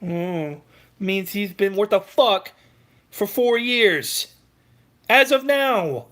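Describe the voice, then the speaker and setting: A man tears into his critics in a heated, profane sports rant. His voice sits high for a man. He snaps back at his commenters and refuses to give ground. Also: expressive, drawn-out words, a bit bright.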